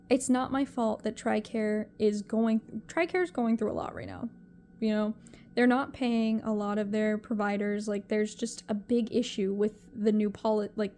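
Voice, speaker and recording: A young woman talking to camera in a confessional vlog, emotional and halting as she rambles through a hard week. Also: on the high side, mellow, a little hiss or hum. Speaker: vlogger.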